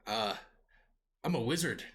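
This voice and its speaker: A man's voice: mid-range voice, expressive, measured pace, a bit bright. A man doing a boastful dwarf wizard with a Scottish-style accent. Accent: Scottish-like dwarven accent, put on. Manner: boastful, salesy. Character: short greedy male dwarf wizard potion seller.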